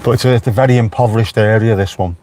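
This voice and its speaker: A man's voice: lowish voice, fairly even intonation, racing, dark tone, a little hiss or hum. A man with a Liverpool accent, chatting casually on a live stream from inside his car with wry asides to viewers. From Merseyside, England. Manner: chatty, wry, talks back to live chat.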